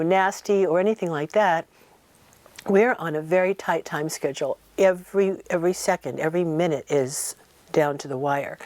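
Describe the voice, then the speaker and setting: A woman recounts an old memory in relaxed interview talk. Her voice sits low for a woman, and she brings it to life by acting out what others said. The sound is close and dry, with no room around it. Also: no echo. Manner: animated, acts out quoted voices. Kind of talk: casual interview storytelling.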